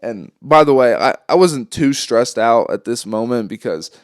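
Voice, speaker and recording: A man's voice: mid-range voice, expressive, moderate pace, clean tone, no echo, clean studio sound. A young man hosting a podcast, telling a long story in a rambling, casual way, full of swearing and ums. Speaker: podcast host.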